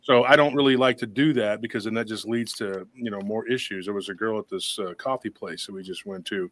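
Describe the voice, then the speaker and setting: A man with a lowish voice tells a story on a paranormal talk show. He rambles and restarts often, and slips into voices when he quotes people. The sound is dry and close, with no room echo. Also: brisk, a bit bright. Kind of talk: casual storytelling on a live call-in show.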